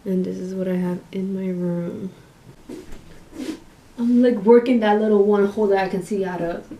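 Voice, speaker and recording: Recorded on a camera mic in her bedroom, a young woman makes a casual makeup vlog, mixing chat with voiceover. Her medium-pitched, dark-toned voice moves at a moderate pace with fairly even intonation, and she's playful, self-mocking, and swears freely.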